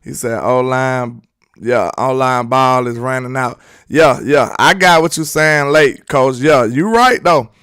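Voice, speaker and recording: A man's voice: medium pitch, measured pace, a bit bright, clean tone, no room sound, studio quality. Joking Southern man on sports talk. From Alabama, US. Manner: loose, joking, conversational, slangy. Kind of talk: live sports talk reading viewer chat.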